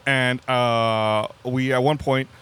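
A man's voice: mid-range voice, steady tone, a bit bright, clear, resonant tone. A man co-hosting a podcast, chatting casually with frequent restarts and fillers. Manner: halting, many restarts. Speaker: podcast co-host. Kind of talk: casual chat.

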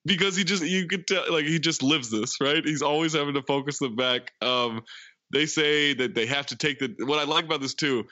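A bright, forward-sounding man retells a comedy movie in loose, chatty fashion, full of "uh"s and "like"s. The recording is dry and a little dull, as if made close to a modest mic. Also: a little high, a little fast, no echo. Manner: animated retelling, frequent laughs and filler words. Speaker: podcast co-host. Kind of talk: casual movie recap chat.

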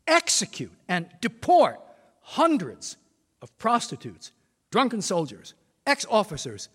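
A man's voice: fairly high pitch, very animated, fairly bright tone, slightly rough. Older man lecturing in a reverberant hall. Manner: measured, reads quotations with emphasis. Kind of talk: formal prepared lecture.

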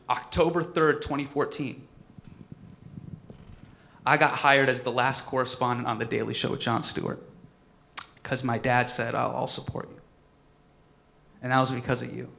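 A comedian in his thirties giving a personal tribute speech, telling a story with lively acted-out moments. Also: mid-range voice, normal speed, vocal fry, long pauses. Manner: animated storytelling, acts out quotes.

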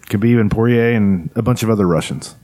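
A man's voice: lowish voice, a little fast, dark tone. A man co-hosting a podcast, chatting casually with wry, joking banter. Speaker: podcast co-host. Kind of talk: casual chat.

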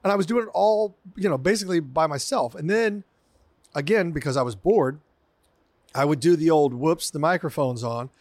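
A man in his fifties, an actor and comedian, telling lively self-deprecating stories as a guest. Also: fairly high pitch, fairly quick, no echo. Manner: animated, self-deprecating storyteller. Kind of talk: casual storytelling in conversation.

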